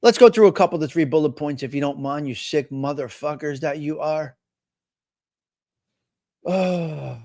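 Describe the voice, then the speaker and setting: A man's voice: on the high side, normal speed, pauses often. A man hosting a live stream, ranting in casual, profane chatter. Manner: profane, excitable rants. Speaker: host.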